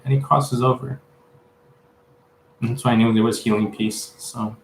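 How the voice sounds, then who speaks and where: A man's voice: medium pitch, steady tone, a little mellow, slight background noise. Rambling man giving a psychic reading. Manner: rambling, halting, many fillers. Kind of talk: casual spiritual reading. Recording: echoey room.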